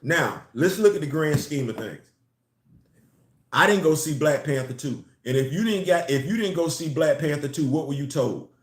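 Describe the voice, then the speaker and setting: A man's voice: a little high, lively intonation, normal speed, echoey room. A man giving a casual, emphatic opinion vlog on comics and culture, repeating his phrases to drive points home.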